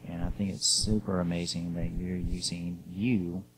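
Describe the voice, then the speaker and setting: Deep, flat-voiced sympathetic male host. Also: moderate pace. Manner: gentle, sympathetic, with hesitations. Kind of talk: interview conversation. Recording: audible background noise.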